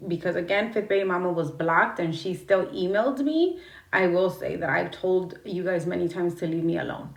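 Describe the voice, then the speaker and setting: A woman's voice: fairly low pitch, vocal fry, roomy sound, far from the mic. A woman livestreaming from her phone, talking bluntly and rambling, swearing and greeting her chat as she goes.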